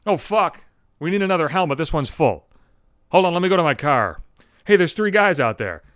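A man's voice: a little high, expressive, brisk, a bit bright, no echo, studio quality. A man voicing an imagined brazen woman, naked in a parking lot, talking crudely and shamelessly in a raised voice.

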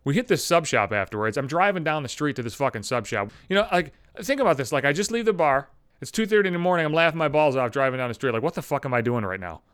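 A man hosting his own podcast, telling rambling comedic stories, profane and animated. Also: fairly high pitch, fast, clean tone, dry recording, studio quality. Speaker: podcast host. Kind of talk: comedic storytelling monologue.

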